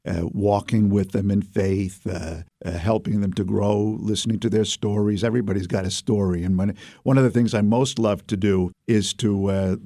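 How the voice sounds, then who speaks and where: A man, a bishop telling stories in a relaxed interview, rambling with many fillers and restarts. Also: lowish voice, normal speed, hardly any pauses, dry recording, clean studio sound. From Brooklyn, New York. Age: 70s. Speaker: Catholic bishop, interview guest. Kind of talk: casual storytelling interview.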